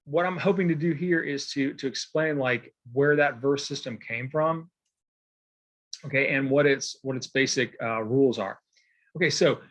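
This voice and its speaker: A man's voice: medium pitch, a bit bright. A man teaching a poetry lesson in a casual, rambling way, full of fillers and frequent "okay?" check-ins while he marks examples by hand. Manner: writes on a board while explaining. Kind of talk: recorded lecture.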